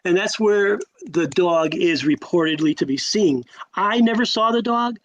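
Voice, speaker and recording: A man in his sixties from Connecticut, telling stories as a podcast guest in a lively way, acting out quotes and often restarting his sentences. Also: sits high, unhurried, muffled recording. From Connecticut, USA. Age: 60s. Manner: animated, acts out quotes, frequent restarts. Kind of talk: casual storytelling.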